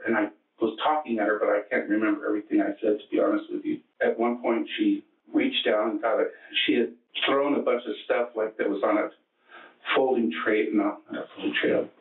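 A man being questioned as a suspect, recounting events in a halting, matter-of-fact way with many restarts. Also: on the low side, steady tone. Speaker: murder suspect under questioning. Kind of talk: interrogation testimony. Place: police interrogation room. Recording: echoey, distant, tinny archive recording.

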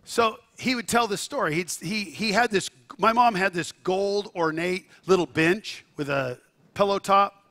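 A man preaches with a high, bright voice that cuts through. He tells stories with animated asides to the congregation, checking in as he goes and now and then breaking into a shout. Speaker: pastor. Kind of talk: sermon.

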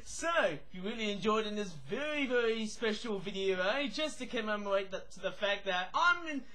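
High, bright-voiced Australian-sounding man. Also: brisk, low-quality recording. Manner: excitable, exclaiming, laughing often. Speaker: reaction channel host. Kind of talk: casual reaction commentary.

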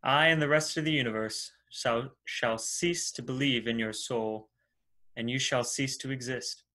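A man's voice: medium pitch, steady tone, measured pace, pushed and bright. An actor playing a formal, persuasive male messiah and cult leader in an audio drama. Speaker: antagonist.

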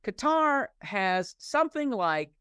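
High-voiced man, dry and close. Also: sing-song, slow pace, sharp tone, smooth, dry recording. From United States. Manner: thoughtful, many restarts and fillers. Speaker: interview guest, professor. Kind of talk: conversational interview.

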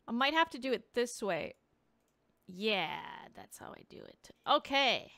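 A woman streaming a game and chatting casually with viewers, bubbly and quick to thank them, rambling along with lots of "like" in her speech. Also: on the high side, big pitch swings, gravelly, sharp tone, no room sound. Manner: rambling, filler-heavy speech full of "like". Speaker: VTuber streamer playing a game. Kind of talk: casual gameplay chat with viewers.

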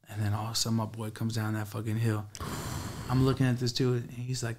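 A man's voice: medium pitch, fairly even intonation, fairly quick. A man, a guest telling a casual, streetwise story full of profanity. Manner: streetwise, profane, laid-back.

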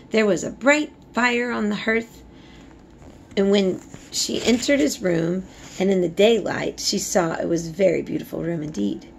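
A woman reads a novel aloud in a low, gravelly voice. She stumbles over a word now and then and corrects herself. A faint hiss sits under the recording. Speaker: reader.

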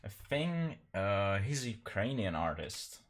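A man's voice: fairly low pitch, sing-song, measured pace. A man chatting casually while painting on a live stream, rambling and self-deprecating, laughing often.

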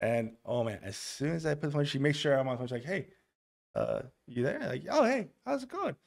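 A man's voice: mid-range voice, fairly quick, gravelly. A man, an author guest on a podcast, telling stories casually, stammering and restarting, and acting out the voices of people he quotes. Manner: animated storyteller who acts out quoted dialogue.

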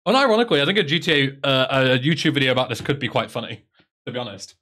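A man's voice: medium pitch, fast, sharp tone. A man with an English accent chatting casually on a live stream, sarcastic and swearing freely.

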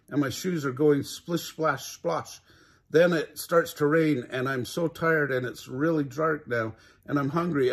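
A man's voice: on the high side, slightly rough, pitched above the performer's own voice. An older man voicing an anxious walrus who rambles on about every possible disaster, read from a children's storybook.

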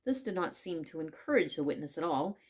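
A woman reading a classic children's story aloud in measured narration. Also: low voice, expressive. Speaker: audiobook reader.

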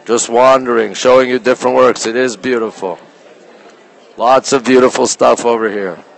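A man from Canada chatting casually to viewers of a live stream while walking through an art museum, greeting them by name and often talking quietly into a handheld phone. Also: mid-range voice, fairly even intonation, normal speed, creaky, rough recording. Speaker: livestreamer touring a museum. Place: indoor art museum gallery. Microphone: phone held while walking.

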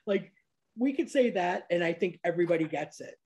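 A woman's voice: fairly low pitch, animated, brisk, darkish tone. A woman from upstate New York hosting a casual interview, chatty and full of fillers, laughing often. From Niagara Falls, New York, USA. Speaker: podcast host. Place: lives abroad, recorded at home with cats.

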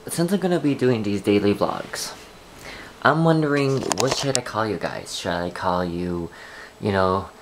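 A man chatting to his camera for a daily vlog, rambling and complaining, with bursts of excitement. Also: lowish voice, a little hiss or hum. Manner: rambling, talks to camera, drifts between mumbling and excited outbursts. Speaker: vlogger. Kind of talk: casual vlog chat. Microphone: handheld camera.

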